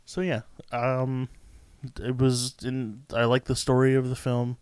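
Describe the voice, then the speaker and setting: A man co-hosting a podcast in casual chat, tossing off dry, deadpan quips. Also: medium pitch, measured pace, clean tone, no echo. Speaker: podcast co-host.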